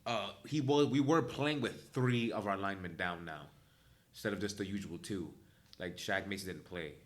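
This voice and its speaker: Young man, low voice, casual sports podcast, blunt, profane, joking. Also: a bit bright. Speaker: podcast co-host.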